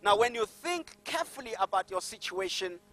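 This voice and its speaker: A middle-aged man preaching a sermon as pastor, slowing and stretching key phrases and having the congregation repeat after him. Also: high-pitched, big pitch swings, pushed and bright.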